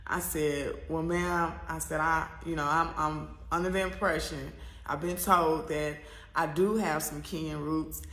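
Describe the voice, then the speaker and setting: A woman's voice: low-pitched, fairly even intonation, measured pace, a bit bright, echoey room. A woman from the United States telling a personal story to camera in a rambling, candid way, full of fillers and restarts. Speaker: vlogger.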